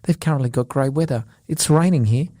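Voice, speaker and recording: A man from the United Kingdom co-hosting a comedy podcast in casual chat, animated and swearing. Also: medium pitch, a little fast, no room sound, clean studio sound. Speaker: podcast co-host.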